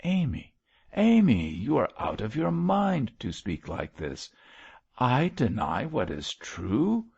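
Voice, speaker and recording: A man voicing an elderly white-haired bishop, speaking gravely and solemnly with a soothing firmness. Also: fairly low pitch, huge pitch swings, takes it slowly, darkish tone, no echo, lo-fi sound, voice pushed up, heavily acted.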